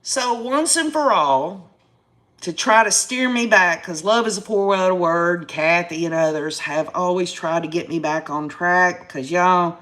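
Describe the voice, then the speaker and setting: Her voice fairly low in pitch and fairly bright in tone, a Southern-accented woman from Tennessee, in her fifties, hosts a relaxed YouTube live stream. She rants to those watching in folksy country language.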